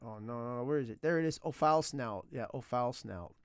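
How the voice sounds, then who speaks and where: A man chatting casually on a stream while learning a language, rambling and excitable, laughing often and using slang. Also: mid-range voice, fast, smooth.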